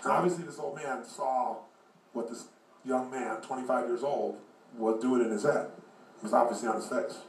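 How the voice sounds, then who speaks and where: A man giving a motivational talk, telling a story in an animated way and voicing the characters in it. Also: mid-range voice, normal speed, slight background noise. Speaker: motivational speaker. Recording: echoey room, far from mic.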